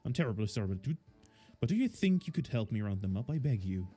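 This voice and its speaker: A man's voice: fairly low pitch, very animated, fast talker, warm tone, breathy edge, soft background music. A man doing a fussy, polite professor. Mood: fussy politeness. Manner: courteous, old-fashioned formal phrasing. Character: fussy, polite male professor, middle-aged. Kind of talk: reading game dialogue aloud in character.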